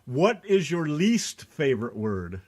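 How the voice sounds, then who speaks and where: An American man co-hosting a loose internet radio show. He asks questions in a jokey, enthusiastic way. His voice is a little husky, and his pitch swings up and down a lot as he talks. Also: very animated, slow pace, a little mellow. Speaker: co-host. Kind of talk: casual radio talk show.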